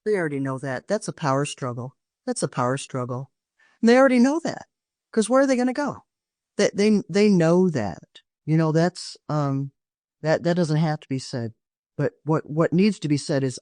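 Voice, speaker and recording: A woman's voice: deep voice, expressive, moderate pace, darkish tone, no room sound, clean studio sound. An older woman, a parenting expert guest on a podcast interview, giving earnest, emphatic advice and often restarting her sentences.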